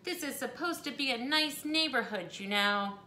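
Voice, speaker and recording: Casting: shrill, bright, easily panicked prim lady neighbor, put on by a woman reading a storybook, echoey room. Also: expressive, moderate pace, slight background noise. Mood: indignant. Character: fussy shrieking prim older lady neighbor. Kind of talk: storybook read-aloud.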